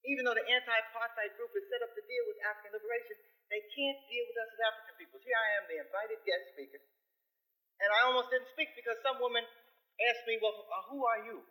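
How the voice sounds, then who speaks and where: A man from New York lectures a community forum in a high voice. He talks with emphatic, rhetorical force and pushes his key points loud. His tone is very bright and cutting. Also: quick pace, rough recording.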